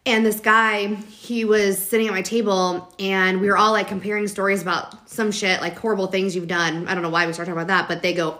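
A woman's voice: mid-range voice, level tone, a little fast, hardly any pauses, sharp tone. A woman with a mid-range voice talks frankly on a podcast. She swears freely and jokes as she tells stories. The chat is loose and casual. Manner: frank, profane, joking. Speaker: podcast co-host.

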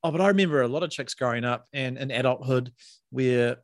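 A man's voice: medium pitch, a little fast, no echo, clean studio sound. A man with a New Zealand accent, co-hosting a podcast in casual chat, laid-back and joking, with lots of slang. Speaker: podcast co-host.

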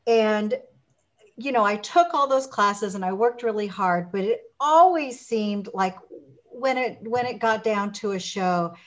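A woman chats in a relaxed interview, animated as she tells stories and jumps into the voices of people she quotes. Her pitch sits mid-range for a woman. The audio is a bit dull and lo-fi. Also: unhurried. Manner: animated storyteller, acts out quotes. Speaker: guest. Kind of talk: casual interview chat.

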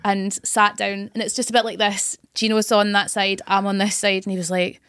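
A young woman with a Scottish Highlands accent, a radio presenter telling stories in casual podcast chat, laughing often. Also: moderate pace, smooth, dry recording, studio quality. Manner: animated storytelling, laughs often.

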